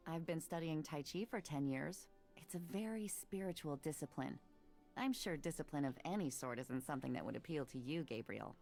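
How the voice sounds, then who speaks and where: An actress playing a sharp-tongued young woman in her twenties who works at a bookshop, trading dry, sarcastic put-downs in a voiced adventure game. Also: deep voice, expressive, moderate pace, gravelly, soft background music. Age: 20s. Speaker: game character.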